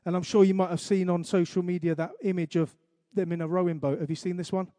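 A man preaching a sermon, earnest, reciting scripture slowly and emphatically, with light asides to the congregation. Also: sits high, fairly even intonation, warm tone, no echo. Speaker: pastor.

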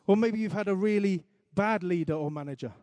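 A man preaching a sermon, earnest, reciting scripture slowly and emphatically, with light asides to the congregation. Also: high-pitched, darkish tone, no echo. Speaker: pastor.

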